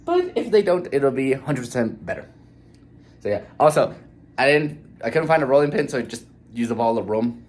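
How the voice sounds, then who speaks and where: A young man cooks in his home kitchen and narrates casually for a vlog, swearing now and then. His mid-range voice has a darkish tone and sounds groggy from the morning, yet he talks briskly and with animation.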